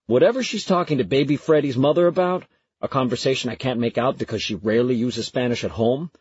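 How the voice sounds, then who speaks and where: A man narrating a first-person story in a lively, conversational way with a husky voice. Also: mid-range voice, fast talker. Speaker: audiobook narrator. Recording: dry, slightly muffled recording.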